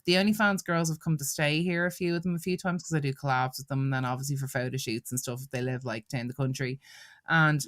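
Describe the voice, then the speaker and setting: A woman's voice: very deep voice, fairly even intonation, fast talker, no room sound, clean studio sound. A woman, a podcast guest chatting casually, telling frank, profane stories and laughing often.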